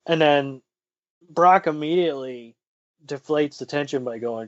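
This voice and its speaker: A man's voice: on the high side, a little slow, no echo, lo-fi sound. A man co-hosting a podcast in casual chat, recapping with profane jokes and quoted lines. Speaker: podcast co-host.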